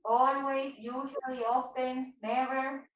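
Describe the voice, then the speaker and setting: High-voiced woman teaching English in an echoey room. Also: flat delivery, takes it slowly, distant mic, lo-fi sound. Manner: patient, switches to Spanish to explain. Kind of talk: online English class.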